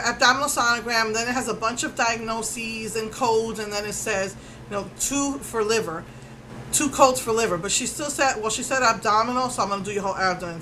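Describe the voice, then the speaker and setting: Bright-voiced woman telling a rambling story. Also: a little high, slight background noise, low-quality recording. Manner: rambling, animated retelling with many fillers. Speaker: vlogger. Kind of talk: casual storytelling vlog.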